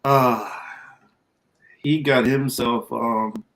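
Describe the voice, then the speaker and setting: A man's voice: mid-range voice, fairly even intonation, extremely slow, a bit bright. A man co-hosting a political podcast, talking in a loose, rambling way and reading viewer comments aloud. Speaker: co-host. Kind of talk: casual political podcast chat.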